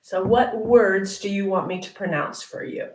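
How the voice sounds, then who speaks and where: A woman teaching English in a live question session, chatty and encouraging, repeating words slowly so learners can copy them. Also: mid-range voice, fairly even intonation, darkish tone, far from the mic. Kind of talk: live Q&A lesson. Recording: roomy and off-mic.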